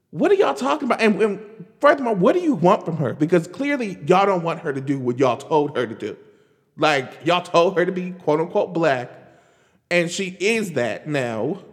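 A man rants animatedly on his podcast, stumbling over restarts and fillers as he climbs in pitch. His fairly high voice carries a long reverb tail. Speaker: podcast host. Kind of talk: casual commentary.

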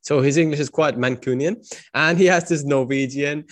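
A man's voice: a little high, normal speed. A man hosting a casual interview, asking long, rambling questions with fillers and restarts. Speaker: host.

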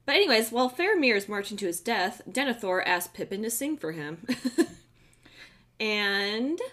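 A woman's voice: medium pitch, big pitch swings, moderate pace, fairly bright tone. A young adult woman hosting a casual chat, retelling a film scene by scene in a profane, giggly way. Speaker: podcast host recapping a film.

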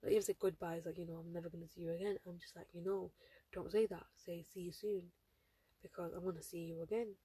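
A teenage girl hosts her own podcast, rambling along with plenty of fillers. Her voice is husky and mellow, with little rise and fall. She sounds close to the mic, dry and unroomy. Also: fairly low pitch, steady tone, fast, no room sound. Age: teens. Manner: rambling, filler-heavy, chatty. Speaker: podcast host. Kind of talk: casual solo podcast chat.

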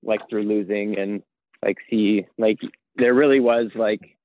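A man's voice: on the low side, fairly even intonation, unhurried, dry recording. A man in casual podcast chat who jokes and laughs easily. His voice comes through a narrow, phone-like remote connection. The sound is dry and boxed in. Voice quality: tinny, grainy audio. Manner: laughs often, loose and jokey. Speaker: podcast guest. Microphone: remote call line. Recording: tinny phone-like remote call.

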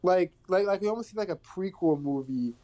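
A man's voice: high-pitched, lively intonation, a little fast, warm tone. A man co-hosting a podcast, talking about a film casually and hesitantly, with a lot of fillers. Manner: hesitant, many fillers, agreeable. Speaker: podcast co-host.

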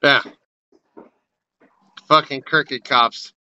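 A man's voice: mid-range voice, steady tone, drawn-out words, pushed and bright, clear, resonant tone, highs cut off. A man chatting casually and profanely on a podcast, full of "like.". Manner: loose and profane, with filler "like". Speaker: podcast co-host.

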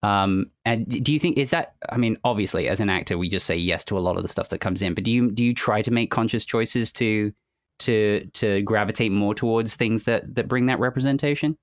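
A podcast host interviewing a guest in a loose, chatty way, piling up restarts and emphatic asides. The voice sits at a middle pitch and the sound is close and dry. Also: a little fast, no room sound.

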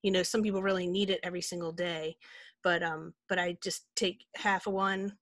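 A woman's voice: lowish voice, steady tone, a little fast, a bit bright, dry recording. A woman co-hosting a podcast, talking in a candid, rambling way with many fillers. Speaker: podcast co-host. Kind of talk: casual chat.

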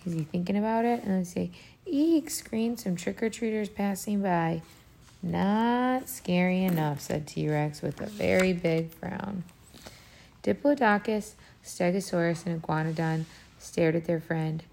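A woman reading a picture book aloud to young children, animated, pausing to ask them questions. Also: lowish voice, gravelly. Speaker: reader to children.

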